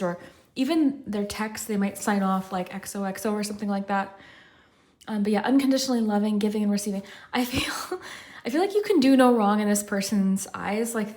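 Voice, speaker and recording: A woman's voice: a little high, a little mellow. Breathless, chatty tarot-reading woman. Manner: chatty, rambling, many "like" fillers. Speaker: tarot reader. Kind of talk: casual pick-a-card tarot reading.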